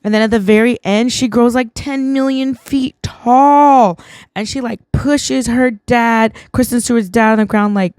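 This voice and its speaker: A woman's voice: fairly high pitch, measured pace, a little mellow, smooth. A woman hosting a vlog, tipsy and rambling through a casual film recap, leaning on "like" again and again. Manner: rambling, heavy use of "like". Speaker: vlog host.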